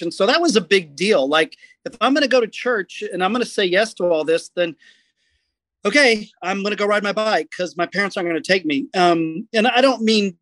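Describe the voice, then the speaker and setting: A middle-aged man telling a story as a podcast guest, lively and self-deprecating. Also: sits high, no echo, poor audio. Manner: animated, self-deprecating storyteller acting out quotes. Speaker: guest, comedy skit writer.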